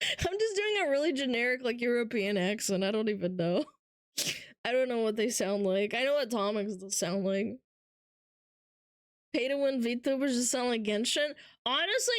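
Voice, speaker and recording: Woman streamer joking around with chat, slow drawl, kinda high voice, dry close sound. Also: no room sound. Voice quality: joking, swearing, laughs often. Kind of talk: casual live-stream chat.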